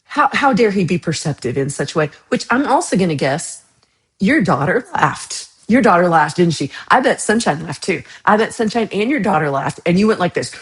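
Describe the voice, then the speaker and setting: Woman from Texas, livestream host, casual chat with viewers, teasing and playfully outraged, lowish voice. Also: lively intonation, moderate pace.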